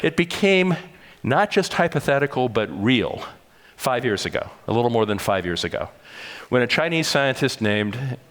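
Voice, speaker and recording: An older man delivers a conference lecture in a measured, explanatory way, pausing to correct himself now and then. His voice sits at an ordinary middle pitch. A long reverb from the large hall trails after his words. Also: very animated, a bit bright. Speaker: conference speaker. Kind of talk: public lecture.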